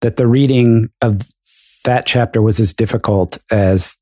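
Low, warm male voice, self-deprecating. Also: fairly even intonation, unhurried, no room sound. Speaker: podcast co-host. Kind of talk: casual philosophy discussion.

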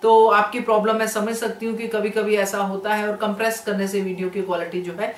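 A woman's voice: mid-range voice, little pitch movement. A woman host chatting casually, thanking a contributor and mixing in English words. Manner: rapid, friendly, mixes English into her talk. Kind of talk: casual chat. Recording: echoey room.

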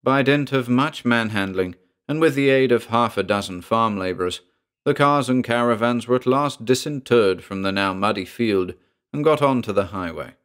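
A man narrating a horror story in a measured, dramatic storytelling voice. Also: medium pitch, fairly bright tone.

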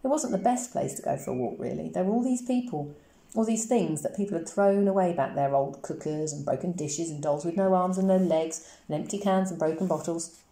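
A woman's voice: fairly low pitch, brisk, mellow, natural voice. A woman voicing a brave, determined young girl who earnestly tries to sound grown-up. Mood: reflective. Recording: roomy echoey recording.

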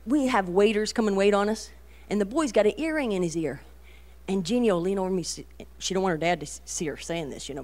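A middle-aged woman giving a folksy, animated talk to a women's meeting, storytelling with many asides. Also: mid-range voice. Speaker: Christian women's speaker.

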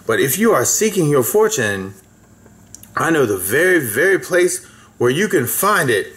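A man's voice: on the high side, very animated, unhurried, a bit bright. A man voicing a sly, hungry big black bear who lures his prey with coaxing talk. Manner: coaxing and sly, then harsh.

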